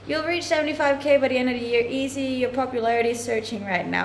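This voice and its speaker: A woman's voice: high voice, quick pace, a little hiss or hum. A woman streamer chatting casually with her viewers, bubbly and thankful. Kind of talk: casual live-stream chat. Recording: echoey room with faint ambience.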